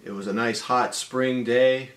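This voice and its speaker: A man in his forties telling a personal story in a casual, deadpan-humorous way, with frequent ums and uhs. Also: medium pitch, measured pace.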